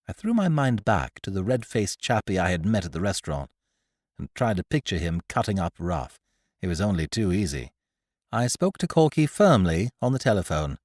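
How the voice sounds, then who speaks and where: Lively male audiobook narrator, dry studio. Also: medium pitch, moderate pace, dry recording. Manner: lively, expressive storytelling.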